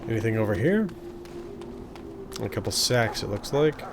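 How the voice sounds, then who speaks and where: A man's voice: fairly low pitch, big pitch swings, normal speed, background noise. A man casually commenting on his own gameplay, musing aloud as he explores. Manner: musing aloud, chuckling, rambling. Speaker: gaming video host.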